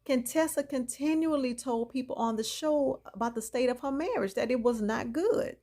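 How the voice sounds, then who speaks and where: A woman with a high, mellow voice speaks at normal speed while recapping a reality TV episode. Chatty and opinionated, she addresses viewers directly and weaves in her reactions.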